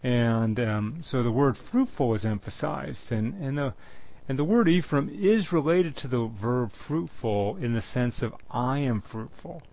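A man preaching a sermon and teaching from the Bible, speaking in a measured, repetitive way with frequent restarts. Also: mid-range voice, animated, a little mellow.

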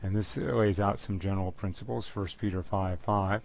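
Earnest man teaching scripture, low voice. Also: steady tone, gravelly. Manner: plain, earnest, with frequent restarts and repeated words; reads scripture slowly and deliberately. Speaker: Bible teacher. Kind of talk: verse-by-verse Bible teaching.

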